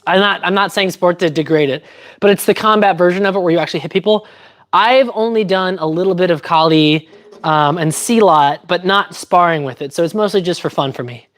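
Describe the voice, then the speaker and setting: A woman's voice: on the low side, fairly quick. A woman chatting casually on a livestream while training fencing, thinking aloud and explaining technique step by step. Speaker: fencer streaming her training.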